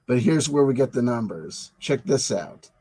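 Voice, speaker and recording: A man's voice: mid-range voice, lively intonation, normal speed, gravelly, warm tone, slightly rough. A man hosting his own channel, rambling through dates and history in a digressive, joking way and often repeating himself. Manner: digressive, jokey, talks back to himself; stumbles and repeats words. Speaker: channel host.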